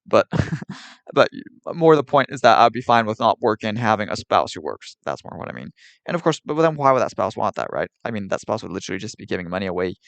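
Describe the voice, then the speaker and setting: A man's voice: fairly low pitch, very animated, fast talker, vocal fry, fairly bright tone, no room sound. A man streaming live, arguing with and ranting at his chat in an exasperated, repetitive way. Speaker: livestreamer.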